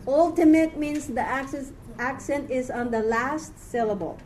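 Woman teacher, slightly high voice, slow and patient delivery, tired, laughs often, fixes her own slips. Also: darkish tone, slight background noise. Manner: chatty, laughs often, self-correcting. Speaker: Hebrew reading teacher. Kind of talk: live class teaching.

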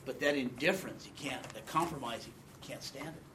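A man's voice: medium pitch, a little fast, very noisy. A man in his sixties giving a conversational Bible teaching, quizzing the class and reading scripture with emphasis. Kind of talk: teaching sermon with audience questions.

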